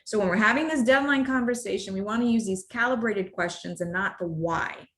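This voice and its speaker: A woman's voice: mid-range voice, brisk, fairly bright tone. A woman with children, presenting a workplace workshop on difficult conversations in a conversational way. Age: adult, parent of children. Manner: conversational, demonstrates tones with exaggerated acted examples.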